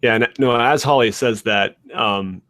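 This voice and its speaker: A man playing a tabletop game, narrating his actions quickly with laughs. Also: mid-range voice, a bit bright, no echo. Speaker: player. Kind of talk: casual tabletop role-play.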